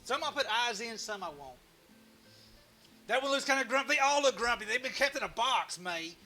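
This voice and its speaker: A man's voice: extremely high pitch, animated, fairly quick, sharp tone, soft background music. A man hosting a casual live stream, rambling and joking at his own expense. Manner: rambling, joking and self-mocking, with frequent restarts. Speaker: live-stream woodcarving host.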